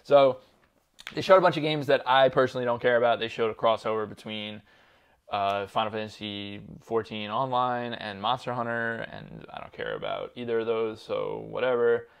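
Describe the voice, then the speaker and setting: A man's voice: mid-range voice, lively intonation, normal speed, gravelly, clean tone. Rambling man in casual chat. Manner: rambling, lots of "like" and laughter, swears freely. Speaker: podcast co-host.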